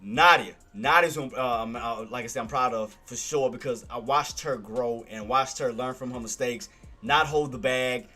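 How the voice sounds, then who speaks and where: A man recapping trades on a casual livestream, talking to his viewers and giving them repeated, excited shout-outs over music. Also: medium pitch, normal speed. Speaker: stock trading streamer.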